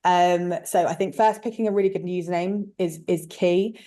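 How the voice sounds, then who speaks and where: A frank, chatty woman with a slightly low voice speaks in a relaxed interview. She tells stories with plenty of fillers and asides. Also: moderate pace. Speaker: guest, letting agent. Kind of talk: casual interview chat.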